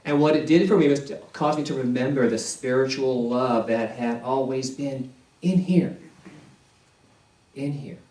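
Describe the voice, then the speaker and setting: Man, minister, slow deliberate sermon, mid-pitched voice, distant mic in a reverberant church. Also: mellow. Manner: slow, deliberate delivery with repeated phrases.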